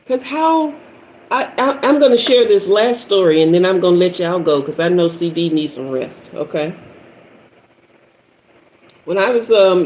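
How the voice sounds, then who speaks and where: A woman's voice: fairly low pitch, darkish tone, a little hiss or hum, poor audio. A woman in her fifties, a tarot reader and spiritual teacher, preaching and telling stories on a livestream with lots of repetition for emphasis. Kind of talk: livestream talk.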